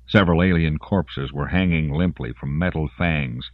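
A man's voice: a bass voice, moderate pace, hardly any pauses, dry recording, phone-quality sound. A man reading scripted audiobook narration in a dramatic storytelling manner.

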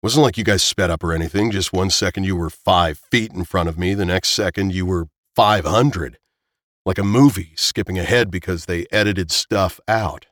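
A man's voice: deep voice, normal speed, fairly bright tone, dry recording, studio quality. A man voicing a blunt, casual young man in an audiobook. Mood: bewildered. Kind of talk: audiobook character voice.

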